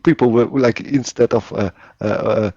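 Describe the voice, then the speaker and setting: A man in casual chat, telling a story in halting speech while searching for words. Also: mid-range voice, fairly even intonation, mellow, no echo, lo-fi sound.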